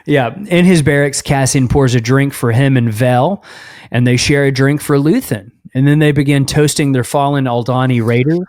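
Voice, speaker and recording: A man co-hosting a podcast, recapping a show's plot in a steady, casual way with fillers. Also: mid-range voice, moderate pace, no echo, studio quality. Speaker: podcast co-host.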